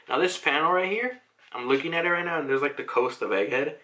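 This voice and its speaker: A man's voice: fairly high pitch, fast, pushed and bright. A young man casually recapping a comic chapter, chatty and laughing, with frequent swearing. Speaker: manga reaction youtuber.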